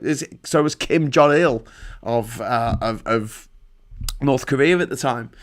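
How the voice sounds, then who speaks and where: A man holds forth on his livestream, swearing freely and circling back on himself mid-sentence. His pitch sits in an ordinary middle range, and he speaks in a loose, conversational way into a home desk mic. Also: takes it slowly. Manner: profane, rambling, frequent restarts. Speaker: livestream host. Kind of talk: casual ranting monologue.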